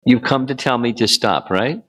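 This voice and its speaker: A man giving a devotional lecture as a spiritual teacher, relaxed and bantering with his audience. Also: mid-range voice, moderate pace, rough recording.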